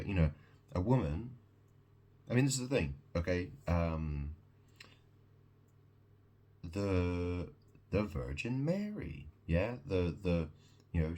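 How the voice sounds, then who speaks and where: Husky deep-voiced man rambling slowly. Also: a little mellow. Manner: rambling, repetitive, profane, keeps checking in with "yeah?". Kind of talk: rambling solo monologue.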